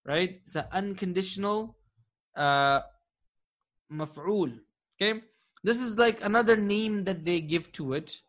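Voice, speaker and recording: A man teaching an Arabic grammar class, patiently quizzing his students, praising their answers and slowing down to spell out key terms. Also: high voice, fairly bright tone. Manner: slows down to dictate key terms.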